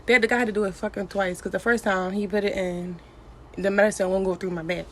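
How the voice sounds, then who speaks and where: A young woman telling a casual storytime in a blunt, profane, animated way. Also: mid-range voice, fast, slight background noise. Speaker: vlogger.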